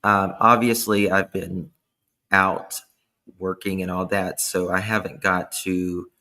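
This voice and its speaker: A tired man hosting a casual live stream from indoors, warmly thanking chat viewers through his laptop microphone. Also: deep voice, flat delivery, slow pace. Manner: warm, effusive thanks to chat members. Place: indoors at home. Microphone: laptop camera mic.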